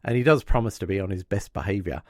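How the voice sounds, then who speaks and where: A man's voice: lowish voice, animated, fast, no echo, studio quality. Man recapping an episode on a podcast. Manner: chatty recapping, acts out quotes. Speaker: podcast co-host.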